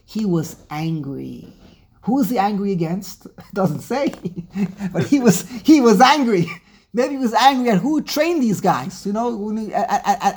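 A woman leads an animated Torah class with a husky, slightly breathy tone. She speaks emphatically and dramatically, posing rhetorical questions and often restarting her sentences. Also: medium pitch, a little slow. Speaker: Torah teacher.

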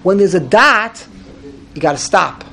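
A man's voice: high-pitched, animated, measured pace, vocal fry, sharp tone. Guy teaching torah reading to a small group, repeats himself a lot, trips over words. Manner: repeats words, restarts, demonstrates chanting. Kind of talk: informal class discussion.

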